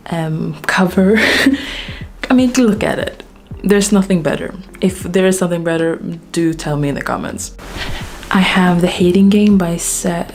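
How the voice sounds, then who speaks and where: A Swedish book vlogger gives a casual tour of her bookshelf, sounding slightly out of breath. Her voice sits on the low side, and she's chatty and self-deprecating, using lots of fillers. There's a bit of background noise.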